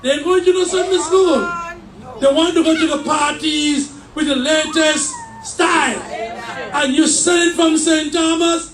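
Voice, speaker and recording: High-voiced shouting preacher in echoey church. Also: male voice, fairly even intonation, unhurried, over music. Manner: shouting, fervent preaching with call and response. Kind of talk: sermon. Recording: echoey church mic from far off.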